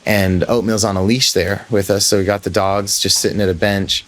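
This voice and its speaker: Male podcast host, lowish voice, casual and self-reflective storyteller. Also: little pitch movement, normal speed, a bit bright. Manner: candid, rambling, self-reflective.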